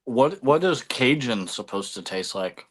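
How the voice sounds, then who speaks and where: A man's voice: medium pitch, lively intonation, measured pace, slightly rough. A man hosting a casual livestream, rambling with many fillers and eating while he talks. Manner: chewing food while talking. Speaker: livestream host.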